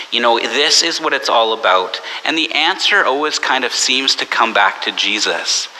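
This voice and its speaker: A man preaching a sermon as pastor, conversational and anecdotal, slipping into animated voices for the people he quotes. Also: mid-range voice. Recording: long church reverb with faint hiss.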